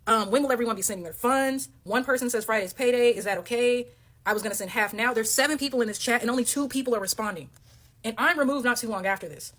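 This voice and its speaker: A woman talks through her side of a falling-out for a storytime vlog, reading message screenshots aloud one by one. She speaks quickly in a slightly high voice. Her tone is emphatic and defensive as she stresses each point. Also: fairly bright tone. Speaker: content creator telling her side of a story.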